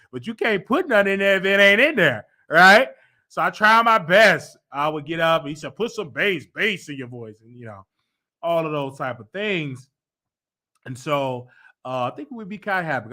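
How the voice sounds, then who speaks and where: A man's voice: medium pitch, bright, forceful tone. A man hosting his own show, talking in a casual rambling monologue with many fillers and sudden joking bursts. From United States. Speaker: show host. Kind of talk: casual live-stream monologue.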